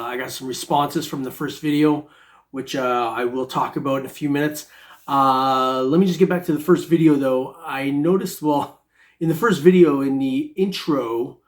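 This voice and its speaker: A middle-aged man vlogging about his metal detecting hobby in casual, joking chat, rambling with lots of fillers. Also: mid-range voice. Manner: laid-back, joking, rambling with many fillers.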